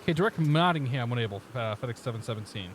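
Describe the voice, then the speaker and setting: A man's voice: mid-range voice, very fast, slight background noise. A man with a vaguely Midwestern accent touched by Boston, chatting casually while streaming a flight sim and reading back pilot radio calls. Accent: vaguely Midwestern with some Boston flair. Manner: relaxed, chatty, reads back clearances in pilot radio style.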